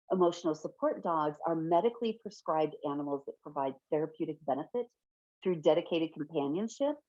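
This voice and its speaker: A middle-aged woman giving an online fair housing training from her home office, chatty and quick to laugh, often correcting herself mid-sentence. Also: low-pitched, darkish tone, dry recording. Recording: dull, lo-fi webinar audio.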